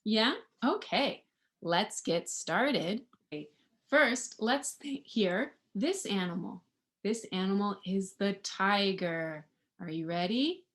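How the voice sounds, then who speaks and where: A woman reading a picture book aloud to young children in an animated way, asking them questions and imitating animal sounds. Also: medium pitch, takes it slowly. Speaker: children's storybook reader.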